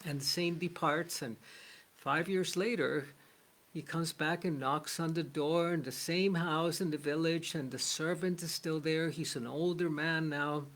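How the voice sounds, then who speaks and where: A male spiritual teacher lectures in an earnest storytelling manner, weaving a parable into his lesson. His voice sits somewhat high, and he speaks at a slow pace. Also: fairly even intonation, a bit bright. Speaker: shamanic teacher.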